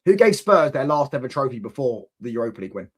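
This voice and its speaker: A man's voice: medium pitch, very animated, fast, breathy edge. A young man arguing football in heated, teasing banter as a fan debater.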